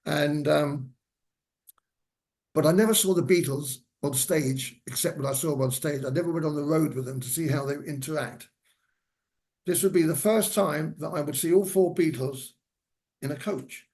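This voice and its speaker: A man's voice: on the high side, normal speed, darkish tone. An older man, a former hairdresser, telling rambling anecdotes with many fillers as a guest speaker in a lecture. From England. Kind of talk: lecture storytelling. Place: senior center lecture hall.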